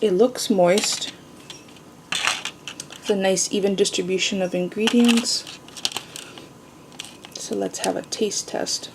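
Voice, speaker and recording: Woman vlogging in her kitchen, chatty and joking, mid-pitch voice, bit of faint hiss. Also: steady tone, takes it slowly, vocal fry, pauses often. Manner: chatty, self-teasing, talks while tasting. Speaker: home cooking vlogger. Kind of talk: casual cooking demonstration. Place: home kitchen.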